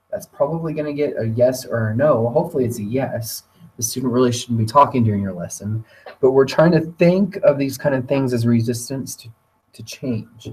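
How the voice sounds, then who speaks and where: A man presenting a teacher training webinar, talking in a relaxed conversational way with occasional fillers. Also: mid-range voice, normal speed. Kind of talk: webinar lecture. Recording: voice distant from the mic.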